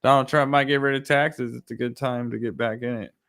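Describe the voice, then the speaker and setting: A young man hosting a podcast, telling stories in a rambling, profane, animated way. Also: medium pitch, brisk, clear, resonant tone. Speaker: podcast host. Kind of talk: casual chat.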